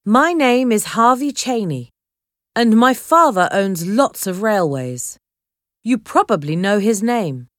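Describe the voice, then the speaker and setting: A woman's voice: medium pitch, lively intonation, slow pace, no room sound, studio quality. A woman voicing a spoiled, whiny rich teenage boy who complains and makes demands in a storybook reading. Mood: demanding. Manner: petulant, complaining.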